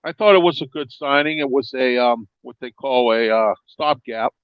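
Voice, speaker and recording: A man on a sports talk panel answers in a halting way and reaches for folksy sayings. His voice has a middling pitch. He comes through a dull, lo-fi remote line with a dry sound. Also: clean tone, dry recording.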